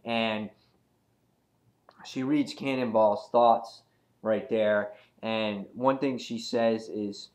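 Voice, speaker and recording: A male reviewer talking through a comic issue in a loose, chatty way. He rambles, fills pauses with ums and uhs, and retells the story as he goes. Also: lowish voice, steady tone, darkish tone. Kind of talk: casual comic book review.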